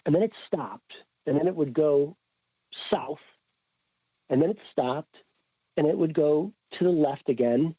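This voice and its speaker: A man's voice: fairly high pitch, measured pace, long pauses, husky, no room sound. A man guest telling a story in casual chat, acting out quoted dialogue. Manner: animated, acts out quoted dialogue. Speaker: podcast guest. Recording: tinny phone-like remote call.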